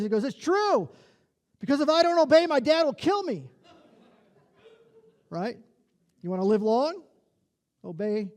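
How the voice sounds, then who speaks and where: A male lead pastor with an Upper Midwest American accent, preaching a conversational sermon, chuckling at his own jokes and repeating key lines. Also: sits high.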